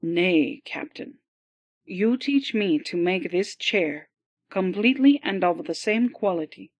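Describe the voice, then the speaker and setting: A woman voicing a calm male Swedish sea captain in an audiobook, speaking in a smooth, rolling Swedish accent. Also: lowish voice, slow pace, no echo, dull audio. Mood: calm, measured.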